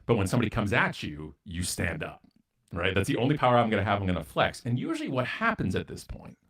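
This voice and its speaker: A man's voice: fairly low pitch, huge pitch swings, fast, a bit bright, husky. A man from Canada, a guest speaker, telling a story in an interview in a blunt, self-mocking way and acting out both sides of the dialogue.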